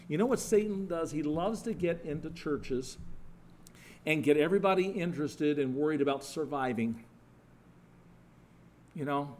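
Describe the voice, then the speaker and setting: A man preaching a sermon in a conversational, animated storytelling way, with frequent restarts and asides to the congregation. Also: fairly high pitch.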